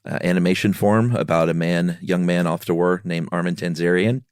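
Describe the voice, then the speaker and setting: A man's voice: low-pitched, fairly even intonation, brisk, clean tone, dry recording, clean studio sound. A middle-aged man co-hosting a podcast, laid-back and teasing, often laughing. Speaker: podcast co-host. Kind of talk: casual chat.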